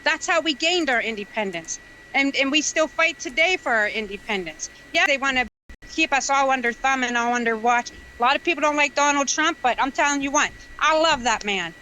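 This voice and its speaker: A woman pleads her case with raw, sermon-like emotion. Her voice sits high and rings bright as she hammers each point home. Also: a little fast, a little hiss or hum, rough recording. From United States. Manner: emotional, preachy, emphatic. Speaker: guest speaker. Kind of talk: impassioned political appeal.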